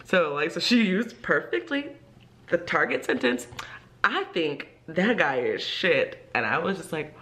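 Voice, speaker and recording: A woman's voice: deep voice, unhurried. A young woman, an ESL teacher, chatting casually in a vlog and acting out quotes as she tells stories, with lots of "like" fillers. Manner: animated storyteller, many "like" fillers, acts out quotes.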